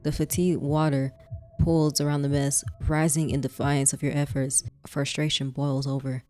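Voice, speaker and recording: Low-voiced woman narrating a horror game. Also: level tone, normal speed, soft background music. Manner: dramatic narration broken by loud, squealing reactions. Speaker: gaming streamer. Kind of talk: reading a story game aloud with reactions.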